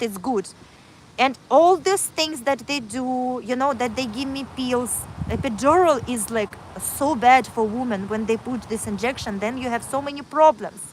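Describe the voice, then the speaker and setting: A woman pours out her story in earnest, halting, English, circling back and repeating herself. Her voice sits a little high. Faint traffic hums behind her phone mic outdoors. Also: poor audio. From Kazakhstan. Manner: earnest, repetitive, in broken non-native English. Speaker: livestreamer. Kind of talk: emotional personal storytelling on a livestream.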